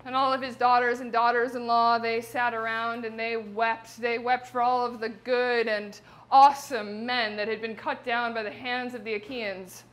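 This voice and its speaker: A woman's voice: on the high side, flat delivery, normal speed, fairly bright tone. A woman retelling an ancient epic in casual, irreverent modern language with playful asides. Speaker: performer-translator.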